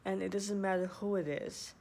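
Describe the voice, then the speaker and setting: A woman's voice: medium pitch, steady tone, normal speed, dark tone. A woman talking casually and earnestly to her viewers, often repeating herself and restarting sentences as she gives advice. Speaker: vlogger. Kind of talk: casual advice talk to camera.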